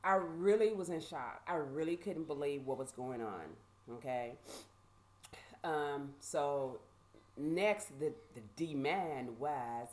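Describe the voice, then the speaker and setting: A woman vlogger casually telling a personal story, animated and conversational with lots of fillers. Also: deep voice, slow.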